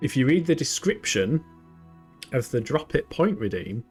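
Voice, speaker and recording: A man's voice: medium pitch, very animated, normal speed, darkish tone. Man, young, game streamer, playful giggly banter, desk mic, faint game music behind. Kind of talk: casual gameplay livestream. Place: home gaming setup.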